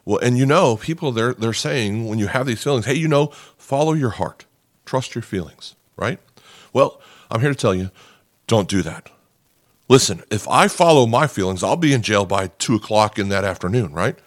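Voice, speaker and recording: A man's voice: lowish voice, expressive, normal speed, dry recording, clean studio sound. A man preaching a sermon in an earnest, conversational way, often repeating words and checking in with "okay?". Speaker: pastor. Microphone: podcast microphone.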